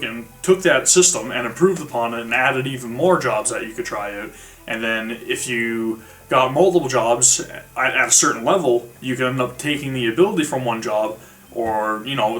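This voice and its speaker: A man's voice: mid-range voice, fairly bright tone. Rambling man, slightly distant mic. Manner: rambling, many fillers and restarts. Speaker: video game reviewer. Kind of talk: casual spoken review. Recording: slightly distant mic with faint music behind.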